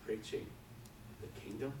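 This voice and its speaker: A man preaching a sermon with fervor, swinging from quiet talk to loud passages. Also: unhurried. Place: church hall. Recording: echoey hall from far off with background noise.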